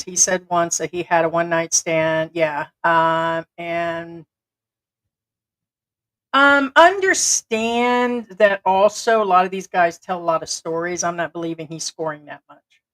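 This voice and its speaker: A woman's voice: fairly low pitch, a little slow, fairly bright tone, low-quality recording. A woman co-hosting a livestream, chatting casually and retelling stories with quoted back-and-forth dialogue. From United States. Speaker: livestream co-host.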